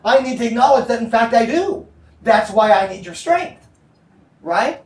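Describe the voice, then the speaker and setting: A man's voice: very high-pitched, animated, normal speed, reverberant, far from the mic. A man preaching as a pastor, explaining scripture in a conversational way and checking in with his listeners. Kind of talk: Bible teaching.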